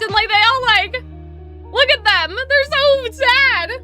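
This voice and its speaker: A woman with a very high, sharp and bright voice talks loosely on a livestream, stringing thoughts together with lots of "like" and "you know". Faint music plays underneath. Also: a little slow. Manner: rambling, heavy use of "like" and "you know". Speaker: co-host of a show review livestream. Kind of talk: casual livestream chat.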